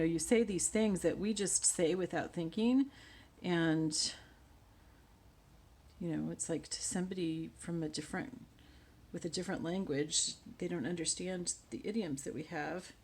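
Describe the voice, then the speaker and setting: In a fairly low, husky voice, a woman runs a relaxed crafting tutorial, talking through her thoughts as she works and frequently trailing off into quiet mutters.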